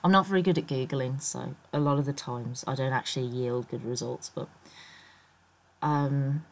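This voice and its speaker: A woman chatting through a game build in her croaky morning voice, rambling and thinking aloud with plenty of ums. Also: rumbling low, moderate pace. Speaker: Sims builder and YouTuber. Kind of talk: casual voice-over commentary on a speed build.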